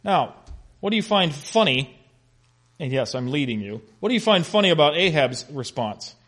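A man teaching an interactive Bible lesson, animated and questioning his class with humor. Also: on the high side, moderate pace.

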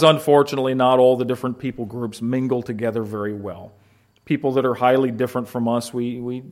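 A man preaching a sermon, explaining a passage verse by verse with rhetorical questions and acted-out quotes. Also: mid-range voice. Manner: animated, rhetorical questions, acts out quoted shouts. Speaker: pastor. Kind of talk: expository sermon.

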